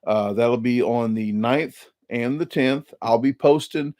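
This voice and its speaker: A man's voice: medium pitch, slow, darkish tone, no echo, clean studio sound. Rambling man on a live stream. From Illinois. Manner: rambling, repeats words and restarts often. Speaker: YouTube channel host. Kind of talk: casual live-stream chat.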